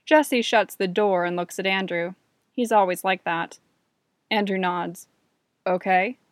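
Woman reading a story out loud, steady and measured, dry close mic. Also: mid-range voice, no room sound. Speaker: reader. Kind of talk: story narration.

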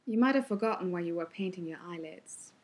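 A woman voicing a laconic, bored masked male ninja who speaks quietly and tersely. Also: lowish voice, animated, fairly quick.

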